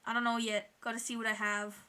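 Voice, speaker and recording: A woman's voice: fairly high pitch, little pitch movement, fast, sharp tone. A woman streamer chatting casually with her viewers while she draws, swearing freely and laughing often.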